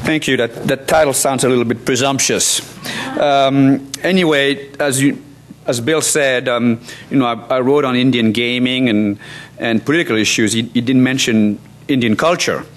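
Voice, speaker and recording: A man's voice: medium pitch, normal speed, a little hiss or hum. A law professor in his sixties, from France, giving a conference talk with many restarts, fillers and wry asides. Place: conference hall.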